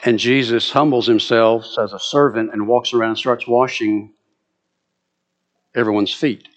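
A man with a Southern US accent preaching a sermon, acting out scripture quotes with lively, dramatic delivery. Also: mid-range voice, measured pace. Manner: animated, dramatic quoting of scripture.

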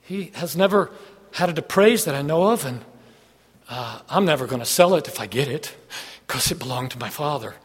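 A man delivers a sermon to his congregation in a folksy, conversational manner, joking and asking them questions as he goes. His voice sits a little high for a man. The sound carries a long echo, as in a large church hall. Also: lively intonation, moderate pace, breathy edge. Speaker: preacher.

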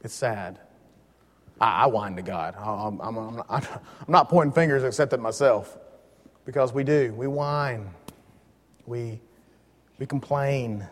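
A man teaching a Bible lesson in a relaxed, joking way, leaning hard on key words. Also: mid-range voice, normal speed, long reverb tail.

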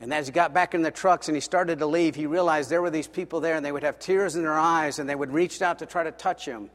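A man preaching a sermon, telling a story dramatically and swinging between loud passages and hushed ones. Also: on the high side. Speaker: pastor. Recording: long reverb of a large hall.

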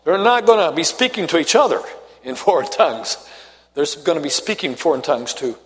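A man's voice: on the high side, big pitch swings, fairly quick, in a large hall. A man from Tennessee with a faint Southern accent, teaching a Bible study class in a conversational way, asking questions and reading scripture aloud.

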